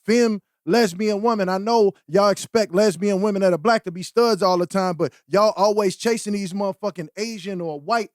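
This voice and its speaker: A man's voice: high voice, fairly quick, hardly any pauses, no echo, clean studio sound. A man co-hosting a podcast in casual chat, blunt, profane and impassioned. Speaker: podcast co-host.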